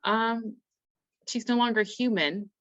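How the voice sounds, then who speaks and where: A woman's voice: a little high, takes it slowly, fairly bright tone, dry recording, dull audio. A woman co-hosting a podcast, asking questions about a book in an easygoing, wry way. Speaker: podcast co-host. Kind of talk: casual book chat.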